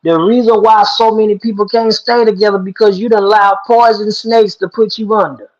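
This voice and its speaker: A man's voice: high-pitched, fairly even intonation, a little fast. A man hosting an online talk show, telling a folk story and preaching its moral in a folksy, emphatic way. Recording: dull lo-fi sound.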